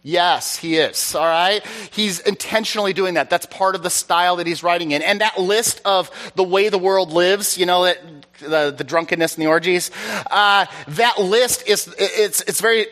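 A man preaching in a relaxed, chatty way, with a fairly high voice for a man. His tone is bright and forward, and he jokes at his own expense while checking in with his listeners. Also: normal speed. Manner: chatty, self-deprecating, keeps checking in with "all right?". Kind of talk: conversational teaching sermon. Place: church service.

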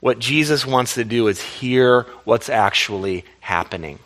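A pastor preaching a lively sermon, asking the congregation questions and laughing along. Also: male voice, mid-range voice, measured pace.

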